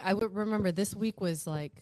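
A woman chatting casually on a podcast, telling dating stories with lively acted-out quotes. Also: medium pitch, fairly quick, no room sound. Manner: animated storyteller, acts out quotes.

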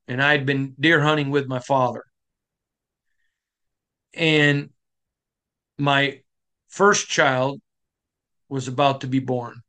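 A middle-aged man from Michigan hosting a sports podcast, giving a passionate, emphatic monologue that climbs to shouting. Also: mid-range voice. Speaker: podcast host.

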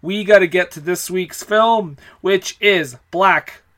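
A man's voice: high-pitched, slow pace, fairly bright tone. A man co-hosting a casual film podcast, making wry, teasing asides. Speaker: podcast co-host.

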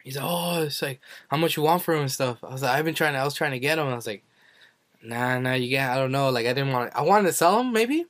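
A man's voice: animated, fast, fairly bright tone, no room sound. Rambling young man telling a story. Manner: rambling storyteller who acts out quotes with sudden high jumps. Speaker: podcast co-host. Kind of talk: casual chat.

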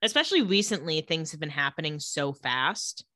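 A woman's voice: low voice, normal speed, dry recording, studio quality. A woman co-hosting a podcast, recapping a TV episode in casual chat and acting out the characters' lines. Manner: lively storyteller who acts out quoted lines.

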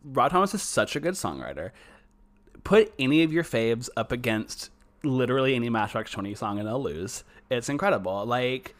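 A man's voice: mid-range voice, sing-song. Playful young man, podcast co-host. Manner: playful, quick to laugh. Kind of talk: casual chat.

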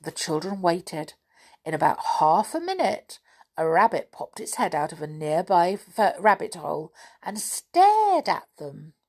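Slow, creaky woman reading a storybook. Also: on the low side, very animated. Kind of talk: reading a children's book aloud.

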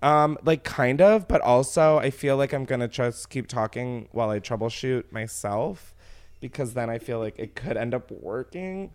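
A man hosting a podcast, chatting and joking around in playful, quick banter. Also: medium pitch, lively intonation, smooth. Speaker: podcast host. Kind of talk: casual chat. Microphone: headphones and mic at a desk.

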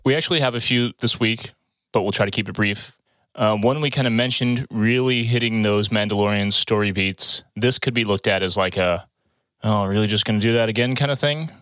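A man's voice: on the low side, a little fast, a bit bright, no echo. Laughing male podcast co-host, dry sound. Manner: laughs often, plays along with jokes. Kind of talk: casual chat.

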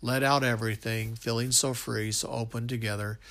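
A man's voice: mid-range voice, flat delivery, normal speed, a bit bright. A man reading a love story aloud, stumbling now and then and restarting lines. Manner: unpolished reading with slips and restarts. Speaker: narrator.

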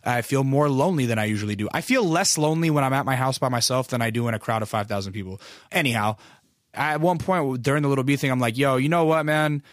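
A man's voice: mid-range voice, quick pace, no echo, studio quality. A man telling a long story in casual, rambling speech, full of profanity and self-deprecating asides.

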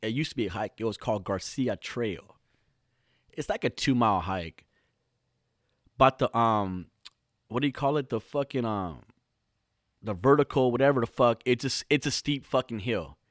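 Hosting his own podcast, a Southern California man tells a long, rambling comic story laced with heavy profanity and many restarts. His mid-range, slightly bright voice moves at a moderate pace with frequent pauses, in a dry, studio-quality recording.

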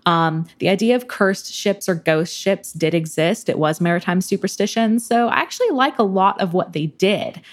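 A woman's voice: mid-range voice, moderate pace, few pauses. A woman speaking as an expert guest, explaining history casually with frequent ums.

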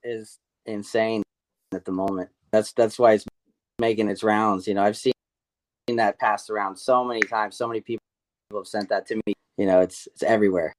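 A man's voice: lowish voice, steady tone, normal speed, dry recording. A man chatting casually on a podcast, laid-back and trailing off.

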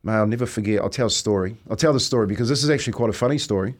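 A man with a New Zealand accent, a former teammate talking casually on a podcast. He speaks in a reflective, halting way, often says "mate", and laughs as he tells stories. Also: lowish voice. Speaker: former rugby teammate, guest.

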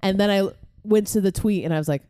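A woman co-hosting a podcast, telling stories in an animated, casual way, swearing freely and laughing often. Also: mid-range voice, quick pace, smooth, no echo, clean studio sound. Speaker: podcast co-host. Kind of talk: casual chat.

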